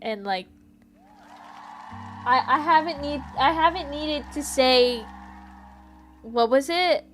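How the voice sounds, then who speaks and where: A woman's voice: sits high, slow pace, long pauses. A woman streaming a detective game, chatting with viewers, giggling and reading the game text aloud. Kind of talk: casual let's-play commentary. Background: faint background music.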